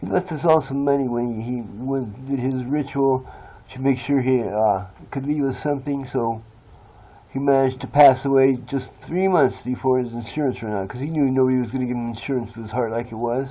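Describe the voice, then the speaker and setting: A man's voice: medium pitch, a little fast, warm tone, muffled recording. A man talking in a rambling, confessional monologue, blunt and swearing freely. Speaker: vlogger.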